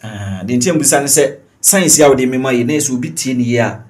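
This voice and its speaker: A man with a Ghanaian accent leads the interview in a mid-pitched voice. He prompts his guest with questions and backs him up with frequent short murmurs of assent. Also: expressive, quick pace, darkish tone. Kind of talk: interview in mixed Twi and English.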